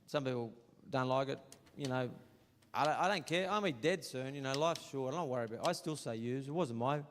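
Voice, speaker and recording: A man's voice: mid-range voice, fairly quick, a little hiss or hum. A man with an Australian accent performing a crude, storytelling stand-up comedy set on stage, recorded live. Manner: brash, crude, storytelling with acted quotes. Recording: live show with roomy reverb and audience laughter.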